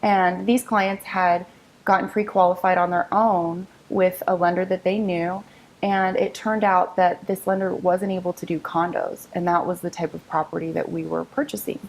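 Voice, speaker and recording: A woman's voice: lowish voice, moderate pace, gravelly, poor audio. A woman, a real estate agent in her thirties, telling her career story as an interview guest in an upbeat, storytelling way and acting out what others said. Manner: upbeat, storytelling, quotes others in lively voices. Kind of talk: interview conversation.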